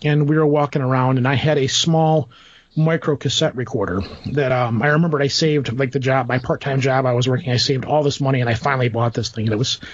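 A man's voice: medium pitch, fairly even intonation, fast, no echo. A middle-aged man telling a personal story in a rambling, casual way, acting out the voices of people he quotes. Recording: dull dry lo-fi recording.

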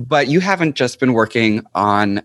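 A man hosting a podcast in a casual chat, with a playful, campy and animated way of talking. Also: mid-range voice, moderate pace, no echo, clean studio sound. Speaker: podcast host.

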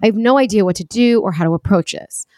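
A woman's voice: medium pitch, fast, dark tone, no room sound. A woman from Long Island hosting a casual podcast, reading a listener letter aloud and chatting playfully with co-hosts. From Long Island, New York. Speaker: podcast host.

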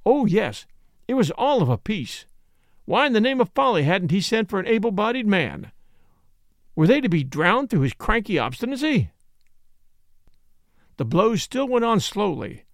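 A man reads a classic Western story aloud in an expressive, dramatic way. His voice sits high and moves a lot in pitch. The recording is close and dry. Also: moderate pace, long pauses, dry recording. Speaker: narrator.

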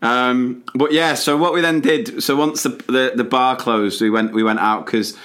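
A man's voice: medium pitch, steady tone, moderate pace, fairly bright tone. Male co-host from England, laid-back, laughs easily, keeps the chat going with questions. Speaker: podcast co-host. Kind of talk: casual chat.

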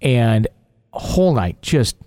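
A man's voice: mid-range voice, sing-song, takes it slowly, darkish tone, dry recording, clean studio sound. A man hosting a paranormal call-in radio show, talking in a rambling, chatty, self-deprecating way.

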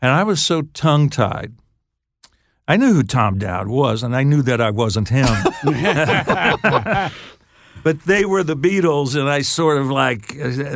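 An older man, a songwriter guest on an interview show, telling stories in a halting, laughing way. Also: fairly high pitch, animated, vocal fry, no room sound, clean studio sound. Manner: halting, restarts phrases, laughs while telling. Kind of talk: casual storytelling interview.

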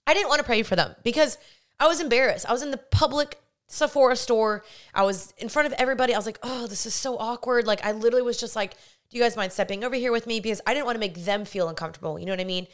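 Earnest young woman with a smooth voice. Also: fairly high pitch, very fast. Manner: earnest, rambling, with many fillers and restarts. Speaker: podcast host. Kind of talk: casual faith storytelling.

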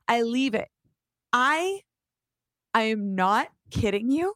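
A woman in her thirties casually telling an animated story, swearing now and then and acting out what people said. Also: a little high, moderate pace, no echo, clean studio sound.

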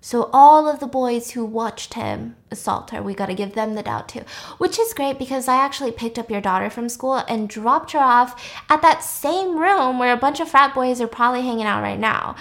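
Mocking young woman avenger, as a woman retells her lines, sarcastic, quietly menacing, a bit high. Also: lively intonation, moderate pace.

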